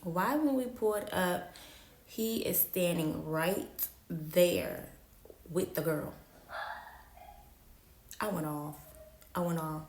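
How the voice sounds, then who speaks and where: Gravelly slow-talking woman telling a story. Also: fairly low pitch, animated, a little mellow, echoey room. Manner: repeats phrases for emphasis, slangy and candid. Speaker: storytime vlogger. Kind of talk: casual storytelling.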